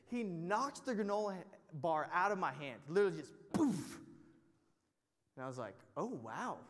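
A young man teaching a Bible study, telling a story in a casual, self-mocking way full of filler words. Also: sits high. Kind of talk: storytelling sermon. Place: teaching to a group in a large room. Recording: long hall reverb.

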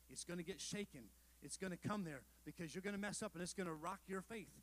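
On a rough recording, a male pastor with a voice that sits high speaks a little fast. His sermon is conversational, sprinkled with rhetorical questions, asides, and self-deprecating jokes aimed at the congregation.

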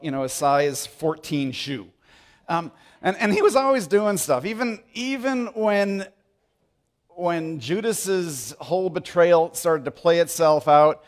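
A man preaching a sermon, telling the story with animated swings between loud bursts and hushed moments. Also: a little high. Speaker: pastor.

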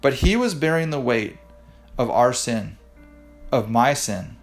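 Male podcast preacher, mid-pitched, earnest and guiding, frequent restarts, faint music bed. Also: lively intonation, unhurried, pauses often. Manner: earnest, guiding listeners through a hands-on exercise; frequent restarts and repeated words. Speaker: pastor. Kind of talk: devotional podcast sermon. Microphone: podcast microphone.

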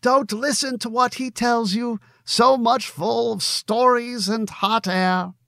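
A playful young tavern keeper's wife, put on by a man reading a story aloud in a high, lifted voice. She chides cheerfully and talks slowly. The recording is close and dry. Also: fairly even intonation, creaky, fairly bright tone, no room sound, heavily acted.

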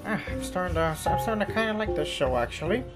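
A woman voicing a mild, deadpan man who talks low and quietly with hesitant, mumbled phrasing, in a comedy skit. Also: quick pace, music in the background, close to an everyday voice. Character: mild, deadpan adult man called Mister Bill.

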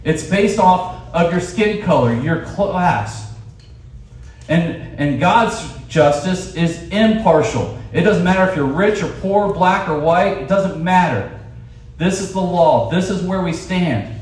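A man preaching at a camp in an animated way, with quick asides and restarts. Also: high voice, a little hiss or hum. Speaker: camp speaker. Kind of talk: sermon. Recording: echoey hall, distant mic.

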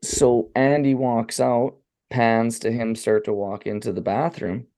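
Recapping a horror film on the podcast he co-hosts, a man speaks in a steady, mellow, mid-range voice. He keeps it loose, crude and joking, profane and casual, slipping into quick acted-out quotes of the characters.

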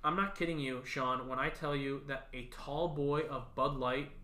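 A man co-hosting a podcast in casual chat, ranting and swearing, mocking people in shrill put-on voices. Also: normal speed, roomy sound, slight background noise. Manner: ranting, animated, profane, mocks others in shrill voices. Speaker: podcast co-host.

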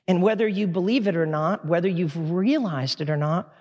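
Man, preacher, high voice, impassioned sermon, conversational asides, long hall reverb. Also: moderate pace, few pauses, darkish tone.

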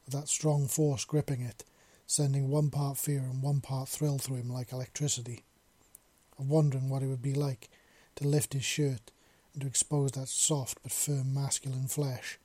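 A man narrates a story in a measured, unhurried way. His voice is dark and husky. It is recorded close and dry. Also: mid-range voice, flat delivery, no room sound.

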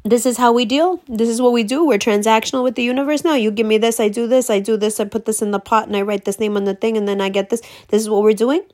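A woman ranting bluntly in a casual monologue, profane and emphatic, swinging between slow stressed words and fast bursts. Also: a little high, steady tone, darkish tone. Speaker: vlogger.

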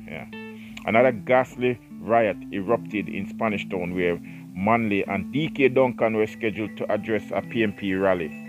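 Deep-voiced man rambling over music. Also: dull audio. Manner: rambling, self-mocking, stops reading to joke and rant. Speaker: podcast host reading a book aloud. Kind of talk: casual solo podcast, reading aloud with asides. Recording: clear music playing behind the voice.

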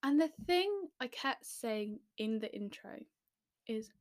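A young woman from the English Midlands telling a story to camera in a chatty, self-deprecating way, with quick asides. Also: fairly high pitch, animated, no room sound, studio quality. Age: young adult.

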